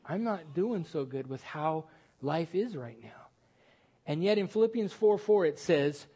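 High-voiced pastor preaching conversationally. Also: male voice, expressive, measured pace, dark tone, breathy edge. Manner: conversational, self-deprecating storytelling with sudden rises in pitch for emphasis. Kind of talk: sermon.

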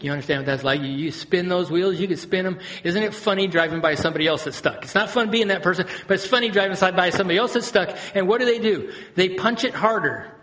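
Male pastor, high voice, animated sermon delivery, dips to quiet intensity then climbs to loud emphasis. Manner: animated preaching, swings from hushed to loud and high.

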